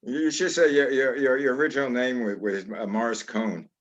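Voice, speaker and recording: Male interview host, chatty with brief questions and asides, heard on dull low-fidelity audio. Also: steady tone. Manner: short interjections and quick questions. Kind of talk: casual interview.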